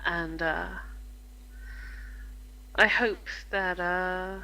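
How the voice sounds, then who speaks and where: A woman's voice: lowish voice, steady tone, extremely slow, bright, forceful tone, full character voice, rough recording. A woman playing a gracious noble lady.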